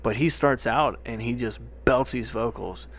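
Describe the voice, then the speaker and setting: A young man co-hosting a podcast in easy, profane casual chat. He tells stories with animated put-on quotes and laughs often. His voice sits at an ordinary middle pitch. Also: moderate pace, slight background noise. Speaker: podcast co-host.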